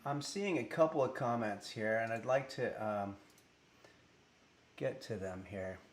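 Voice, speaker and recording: A man's voice: mid-range voice, measured pace, reverberant, a little hiss or hum. A man streaming live from home, chatting casually at his desk microphone and reading viewer messages aloud with lots of fillers. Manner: rambling, reads chat messages aloud with many fillers. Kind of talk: casual livestream chat.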